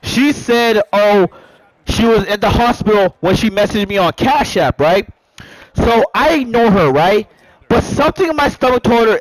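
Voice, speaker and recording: A man telling a story in a casual storytime monologue. He is animated and profane, and keeps saying "bro" and "right?". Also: high voice, moderate pace, no room sound, poor audio. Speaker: storyteller vlogger.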